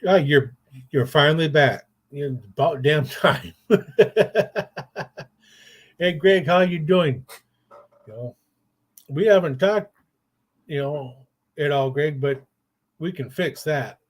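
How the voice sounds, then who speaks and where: A man's voice: fairly high pitch, slow, pauses often. An older man, a grandfather, hosting a casual chat show and telling rambling stories in a blunt, profane way. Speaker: podcast host.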